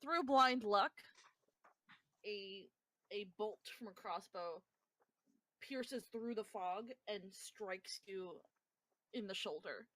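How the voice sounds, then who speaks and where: A woman's voice: medium pitch, takes it slowly, pauses often, a bit bright, poor audio. A woman as game master of a casual tabletop game, narrating combat between laughing, swearing banter.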